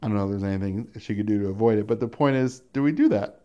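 Racing through his words in a lowish voice, this middle-aged pastor teaches a Bible study verse by verse, conversational and often chuckling as he performs the voices he quotes. The high frequencies are cut off.

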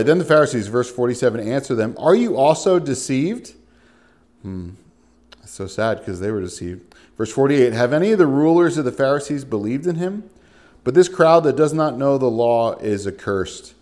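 A man's voice: mid-range voice, moderate pace. Conversational male Bible teacher. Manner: reads scripture aloud with lively, animated quoting of voices; conversational asides like "right?" and "you know". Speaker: pastor.

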